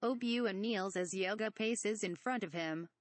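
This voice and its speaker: A woman's voice: mid-range voice, moderate pace, dry recording. A woman reading the stage directions of a fan parody script in a plain, matter-of-fact way. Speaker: reader.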